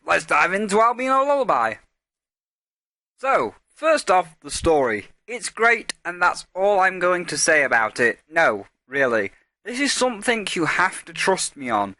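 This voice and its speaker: Male game reviewer, slightly high, bright voice, sarcastic and playful. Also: no echo. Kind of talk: scripted video game review.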